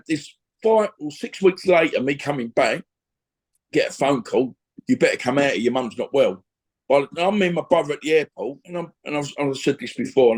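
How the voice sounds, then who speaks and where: Older ex-boxer guest on a video call; slightly high voice, blunt, repetitive delivery. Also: male voice. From England. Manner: blunt, repetitive, restarts often. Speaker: interview guest, former boxer. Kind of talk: emotional storytelling on a video call.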